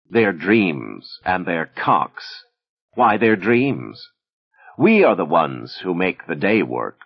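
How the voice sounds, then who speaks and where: A man voicing a wry, defiant Soviet woman poet who speaks in a dry, ironic, measured way at a reading. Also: fairly low pitch, husky, pitched above the performer's own voice, full character voice. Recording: dull lo-fi recording.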